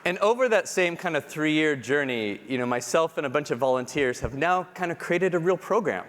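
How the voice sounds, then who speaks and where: A man giving a keynote talk, telling personal stories in an animated, self-deprecating way and acting out the people he quotes. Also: fairly high pitch, normal speed, a faint crowd, slight background noise. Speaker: conference speaker. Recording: long hall reverb.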